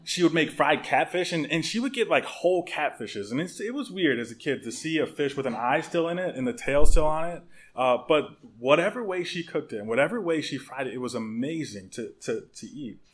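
Animated man preaching a story-filled sermon. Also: fairly high pitch, brisk, hardly any pauses. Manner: conversational, with repeated words and restarts. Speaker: pastor.

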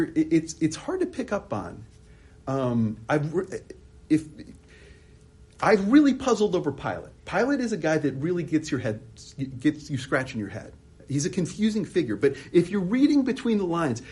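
A man's voice: high voice, a little mellow, husky. A man preaching an expository sermon, asking many rhetorical questions and often restarting his sentences.

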